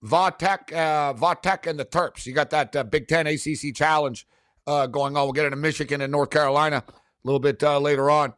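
A man's voice: a little high, steady tone, a little fast, a bit bright, no echo, clean studio sound. A man hosting a casual sports betting show, giving his picks in a rambling way with fillers and restarts.

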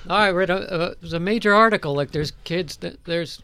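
A man chiming in on a casual talk show, explaining something in halting stops and restarts. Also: sits high, bright, forceful tone, clear, resonant tone, no echo. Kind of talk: casual chat.

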